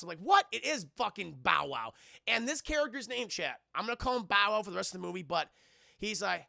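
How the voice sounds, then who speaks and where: Fairly quick and animated, this young man's high, gravelly, sharp-toned voice carries a casual film recap for his live chat. He's profane and rambling, acting out scene lines, recorded at studio quality without echo.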